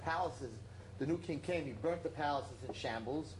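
A man teaching a class, telling a parable in an animated, emphatic way and repeating his points. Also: a little high, moderate pace, a little hiss or hum. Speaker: religious teacher. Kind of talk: storytelling lesson to a class. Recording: roomy echo.

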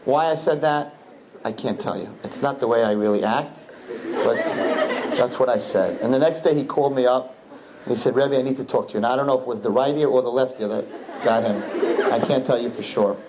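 A man, a rabbi, telling his students a story in an animated, repetitive way, with Hebrew and Yiddish words mixed in. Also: medium pitch, fairly quick, a crowd in the background, background noise. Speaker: rabbi teaching a class.

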